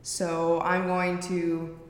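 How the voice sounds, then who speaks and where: A woman's voice: on the low side, monotone, extremely slow. Breezy woman guest in an echoey room. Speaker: guest, blogger. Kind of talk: casual talk show chat.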